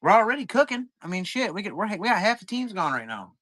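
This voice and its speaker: A man's voice: high voice, sing-song, fast talker, sharp tone, no room sound, studio quality. A man hosting a trading card break livestream, chatting casually in a rambling, profane, laid-back way.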